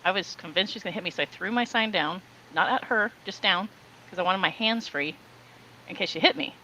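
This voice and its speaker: A woman tells a story on a casual podcast, bright and forward in tone. She talks in an animated way, laughs often and acts out other people's lines. There is a faint hiss behind her. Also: mid-range voice, brisk, low-quality recording. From Southern California. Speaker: podcast co-host.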